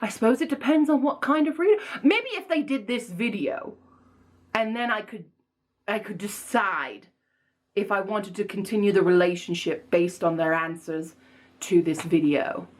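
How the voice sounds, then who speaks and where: Lady book vlogger hamming up a snobby accent, playful, pitch jumping all over. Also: normal speed. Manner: speaks in a put-on snobbish accent; playful and self-mocking, with big swoops in pitch. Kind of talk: casual chat.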